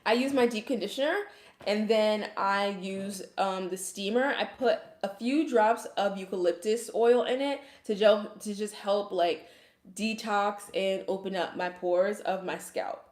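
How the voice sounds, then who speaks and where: A woman's voice: mid-range voice, unhurried, darkish tone, roomy sound. A woman from Brooklyn, New York, with a Brooklyn accent, chatting casually to livestream viewers and answering their comments with hair care advice.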